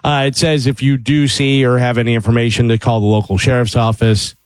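A man co-hosting a radio show, telling stories in a relaxed, self-deprecating way. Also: medium pitch, a little fast, no echo. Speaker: radio co-host. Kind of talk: casual studio chat.

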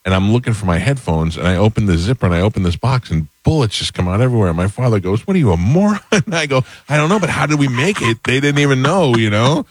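A man hosting a podcast, chatting in a relaxed, rambling way. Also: lowish voice, fast talker, no echo. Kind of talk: casual podcast chat.

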